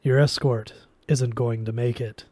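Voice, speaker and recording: A man's voice: mid-range voice, steady tone, unhurried, darkish tone, dry recording, natural voice. Saren, a man doing a cold alien agent. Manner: terse and cold. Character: cold armored male alien agent, menacing.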